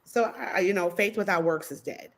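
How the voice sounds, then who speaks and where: A woman's voice: lowish voice, moderate pace. A woman health coach talking in a casual panel discussion, emphatic and encouraging, often checking in with "right?".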